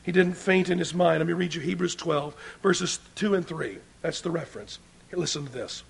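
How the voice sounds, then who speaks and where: A man preaching a sermon, moving between loud emphatic points and quiet asides to the congregation. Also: on the high side, moderate pace, vocal fry, slightly rough.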